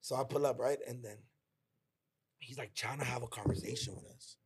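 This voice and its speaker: A man co-hosting a podcast, telling a story in a casual, slangy and heartfelt way, acting out his friends' lines in quick quoted bursts. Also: medium pitch, over a noisy crowd. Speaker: podcast co-host.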